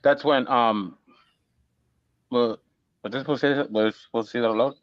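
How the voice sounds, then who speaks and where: A man's voice: medium pitch, steady tone, moderate pace, dry recording. A man in casual banter, drowsy and drugged after a hospital stay, giggling and rambling. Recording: dull lo-fi sound.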